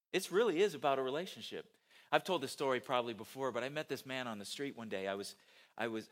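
A man preaching a sermon in a conversational way, telling a personal story with animated delivery and small laughs. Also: mid-range voice. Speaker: pastor.

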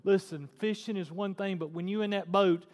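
A man, preaching a sermon to his congregation, dropping to a hush and then rising to loud, emphatic appeals. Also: high voice, steady tone, normal speed. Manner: emphatic preaching that swings between hushed and loud. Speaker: pastor. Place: church sanctuary. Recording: long reverb of a church hall.

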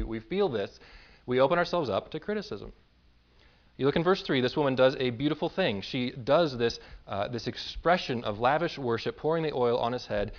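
A man's voice: medium pitch, muffled recording. A male pastor preaching a sermon, emphatic and self-deprecating, stacking words up to a point. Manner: emphatic, building lists to a peak, with self-deprecating humor.

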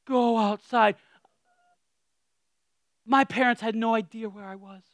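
A man preaching a casual, humorous sermon, animated, with self-deprecating asides that trail off quietly. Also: high voice, fairly quick, no room sound.

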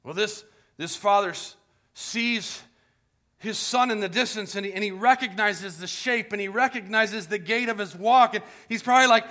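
Bright-voiced male pastor preaching. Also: high voice, normal speed. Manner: storytelling with dynamic swings from hushed to loud. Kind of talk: sermon. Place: church sanctuary.

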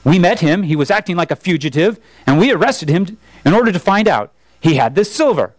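A man voicing a brisk police brigadier in a story read aloud during a sermon, speaking earnestly and a bit higher than his own voice. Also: sing-song, no room sound.

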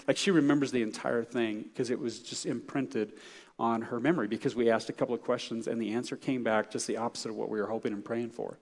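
A man's voice: medium pitch, fairly even intonation, fast. A middle-aged man preaching a sermon as pastor, conversational and anecdotal, with frequent fillers and restarts. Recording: long hall reverb.

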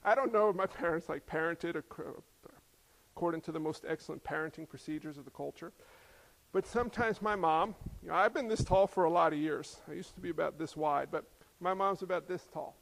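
A middle-aged man preaching a sermon, animated and acting out voices as he tells stories. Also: a little high, fairly quick, vocal fry. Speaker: pastor.

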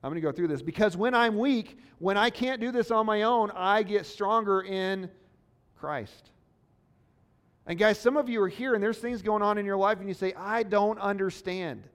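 Guy preaching a sermon, kinda high voice, earnest and chatty, lots of "right?". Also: moderate pace, a bit bright, clean tone. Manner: earnest, conversational preaching with rhetorical questions. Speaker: pastor.

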